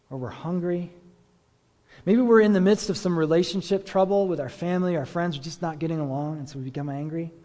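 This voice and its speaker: A man's voice: a little high, darkish tone. A man preaching a conversational sermon as a pastor. He talks casually, using many fillers and rhetorical questions. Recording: echoey hall with long reverb.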